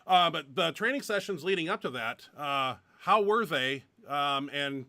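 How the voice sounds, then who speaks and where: Male interview host, bright tense tone sitting a bit high, rambling and casual. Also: animated, unhurried, no echo. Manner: rambling questions, swears, many fillers.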